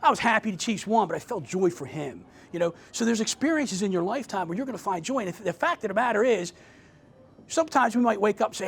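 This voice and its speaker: A man's voice: high-pitched, lively intonation, fast talker, vocal fry, fairly bright tone, husky. A middle-aged man giving a conversational motivational talk to a group as an author, asking the audience questions and often restarting his sentences.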